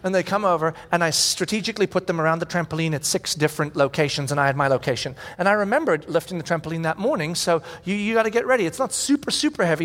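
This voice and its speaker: A man in his forties preaching a sermon as pastor, telling stories animatedly and shouting out the lines he quotes. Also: high voice. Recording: long hall reverb.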